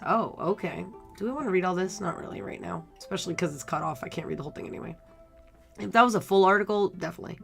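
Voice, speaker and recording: A young woman hosts a cozy game stream, chatting casually and laughing often. Her voice sits a little low, and she slows right down to read the on-screen text aloud. Faint game music plays quietly underneath. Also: creaky. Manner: chatty and giggly, reads text slowly.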